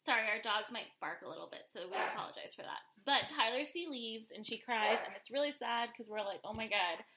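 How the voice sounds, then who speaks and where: A woman with a bright, clear, slightly high voice chats casually as a co-host. She giggles easily and acts out quoted lines as she retells scenes. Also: fairly quick, slight background noise. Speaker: podcast co-host. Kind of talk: casual chat recapping a TV show. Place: home with dogs.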